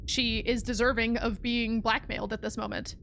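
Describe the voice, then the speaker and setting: A woman's voice: fairly high pitch, little pitch movement, moderate pace, vocal fry, a bit bright, a little hiss or hum. A young woman streaming a game, talking casually and animatedly, swearing often and sounding exasperated. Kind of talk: casual gameplay commentary.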